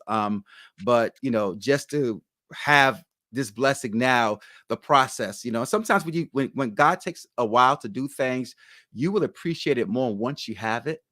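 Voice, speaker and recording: A man who is a pastor, sharing his personal faith testimony in an earnest, halting way full of ums. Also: mid-range voice, fairly bright tone, no echo, studio quality. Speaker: pastor, guest.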